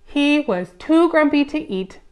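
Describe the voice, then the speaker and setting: Librarian type for preschool storytime: woman, slow, highish, gentle and coaxing. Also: expressive. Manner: gentle, coaxing, asks children questions. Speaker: children's librarian.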